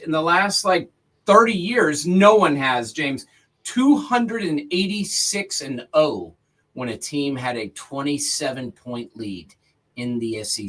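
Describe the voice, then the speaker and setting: Excitable man ranting about football. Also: medium pitch, breathy edge, low-quality recording. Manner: excitable, ranting, retells stories with animated voices. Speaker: co-host. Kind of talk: casual sports talk.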